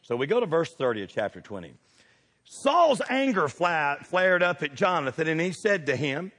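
A middle-aged man preaching a sermon, animated and throwing questions at the congregation. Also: fairly high pitch, moderate pace, big-room sound. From United States.

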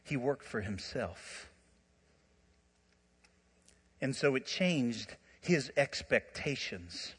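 A man preaching a sermon, telling stories in an animated way with frequent laughter and asides. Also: mid-range voice, slow, husky, in a large hall. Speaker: pastor.

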